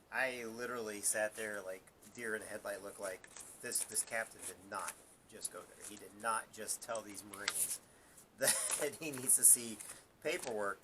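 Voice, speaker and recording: Male live-stream host, ex-Marine sergeant, rambling and laughing, somewhat low pitch. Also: background noise. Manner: rambling, laughs at his own story, repeats words. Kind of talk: casual storytelling on a live stream.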